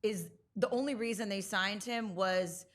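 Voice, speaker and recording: A woman's voice: mid-range voice, a little slow. A woman radio personality guesting on a sports podcast, asking questions and playing devil's advocate. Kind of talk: casual sports podcast chat.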